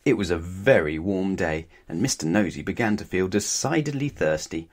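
A man reading a children's storybook aloud in a gentle, playful, unhurried way. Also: deep voice, animated.

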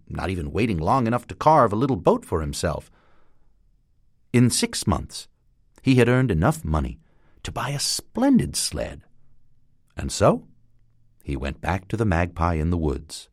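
Deep-voiced man reading a storybook aloud. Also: normal speed, husky, no room sound, clean studio sound. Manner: lively, expressive reading. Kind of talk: storybook narration.

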